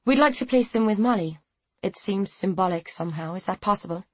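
A woman voicing a tactful, diplomatic woman who speaks gently. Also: medium pitch, animated, brisk, no room sound, lightly acted. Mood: earnest.

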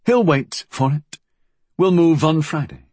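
A man voicing a calm male gang leader who speaks in a measured, commanding way. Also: on the high side, husky, no room sound, pitched above the performer's own voice.

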